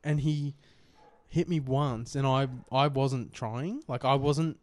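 Young Australian bloke, podcast co-host, foul-mouthed storyteller, mid-pitched. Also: male voice, steady tone, takes it slowly, darkish tone, no echo. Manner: crude, swearing, rambling anecdote. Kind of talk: casual storytelling chat.

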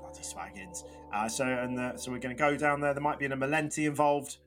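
A man's voice: medium pitch, brisk, fairly bright tone, soft background music. A man playing a tabletop role-playing game, eager and stumbling over his words. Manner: eager, stammering restarts. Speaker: player.

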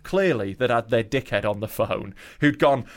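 A man co-hosting a comedy podcast, telling stories in a quick-tempered, swearing way. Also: medium pitch. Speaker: podcast co-host. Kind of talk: casual comedy chat.

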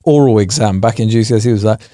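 A man's voice: on the low side, quick pace, mellow, no echo, studio quality. A man co-hosting a podcast, trading playful punchlines and laughing a lot. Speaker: podcast co-host. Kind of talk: casual banter.

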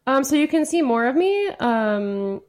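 A woman's voice: sits high, sing-song, measured pace, a little mellow. A woman who is a comedian, a guest on a comedy podcast, talking in a rambling, playful way with many fillers.

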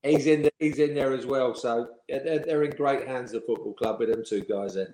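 A man's voice: medium pitch, brisk, warm tone. Male ex-player interviewee, anecdotal and amused, middle voice, echoey room. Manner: chatty storyteller, laughs while telling. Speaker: former professional footballer, interviewee. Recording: roomy echo.

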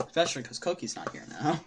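A man's voice: a little high, expressive, a little fast. A young man co-hosting a podcast in casual chat, teasing the others and laughing often. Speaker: podcast co-host. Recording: noisy home mic.

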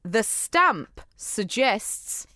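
Brief: bubbly woman podcast co-host, slightly high, playful and animated. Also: drawn-out words. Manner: playful, giggly, teasing. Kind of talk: casual chat.

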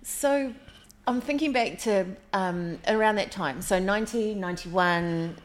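A woman in her forties with a New Zealand accent, hosting a casual interview, chatty and enthusiastic. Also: mid-range voice. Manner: chatty and enthusiastic, quick to laugh. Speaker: podcast host.

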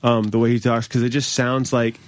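A man's voice: medium pitch, flat delivery, fairly quick. A man in casual chat, joking and self-deprecating as he tells stories.

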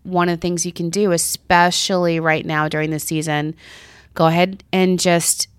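A woman's voice: on the low side, flat delivery, normal speed, clean tone, no room sound. A middle-aged woman co-hosting a casual talk show, speaking earnestly and acting out her stories. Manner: chatty, earnest, acts out stories. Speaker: co-host. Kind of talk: casual chat.

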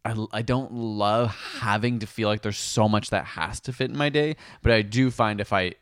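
A man co-hosting a podcast in casual chat, playful and quick to laugh, trying out different voices. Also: on the low side, smooth, dry recording, clean studio sound. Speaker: podcast co-host.

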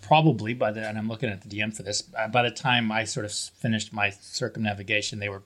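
A man's voice: fairly low pitch, fairly even intonation, fast talker, a bit bright. A man playing a tabletop role-playing game, thinking aloud tentatively. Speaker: player.

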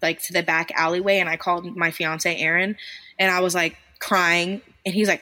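A woman's voice: lowish voice, flat delivery, fairly quick, bright, forceful tone. A woman in her thirties, a business founder, telling her story in a casual podcast interview, candid and self-deprecating, swearing now and then.

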